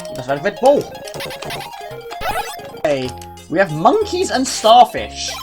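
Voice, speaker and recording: Lively woman narrating gameplay. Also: on the high side. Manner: chatty, self-mocking, talks to herself. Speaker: gaming video creator. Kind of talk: casual gameplay commentary.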